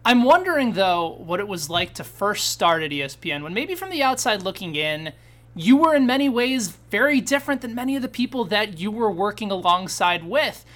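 A man's voice: high-pitched, big pitch swings, brisk, fairly bright tone. A man hosting an interview, asking long, earnest, winding questions. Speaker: host. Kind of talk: interview host.

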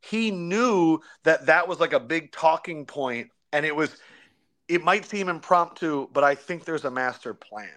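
A young man, a sports broadcaster, chatting in an interview, telling stories with slang and quick impressions of colleagues. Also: a little high. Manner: animated storyteller, slangy, does quick impressions. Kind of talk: casual interview chat.

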